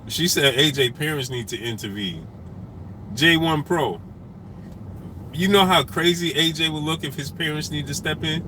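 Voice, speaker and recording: A man hosting a boxing talk stream, repeating himself emphatically and shouting out viewers by name. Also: on the high side, normal speed, noisy background. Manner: animated, repetitive, emphatic street talk. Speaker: boxing talk show host.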